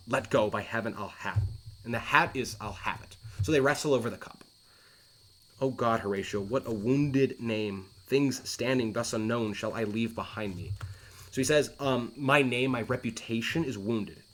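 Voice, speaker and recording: A man talks through a Shakespeare scene in a relaxed, conversational lesson. He reads the old lines aloud, then restates them in plain modern words. His speech is loose and chatty, with fillers and restarts throughout. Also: mid-range voice. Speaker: teacher explaining Shakespeare. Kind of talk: casual explanatory lesson reading aloud.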